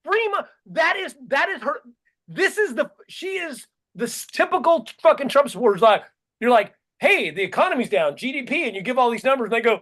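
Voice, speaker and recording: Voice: high voice, very animated, brisk, a bit bright. Podcast co-host, sarcastic comic ranter, profane, mocks people with put-on voices. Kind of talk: comedic political rant.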